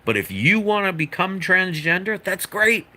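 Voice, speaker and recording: Earnest man lecturing in a bright voice. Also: sits high, very animated, moderate pace. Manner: earnest, lecturing, rambling with asides. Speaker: vlogger. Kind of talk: opinion monologue to camera.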